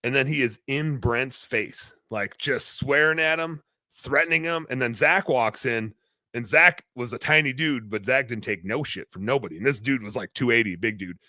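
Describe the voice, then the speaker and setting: A man hosting a podcast, telling a long story in a rambling, animated way, full of fillers. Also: medium pitch, moderate pace, dry recording. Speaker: podcast host, business owner.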